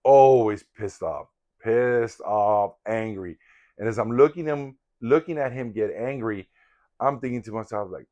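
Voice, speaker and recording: A man's voice: mid-range voice, unhurried, dark tone. An older man telling a personal story in a casual, rambling, candid and reflective way. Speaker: vlogger in sobriety recovery.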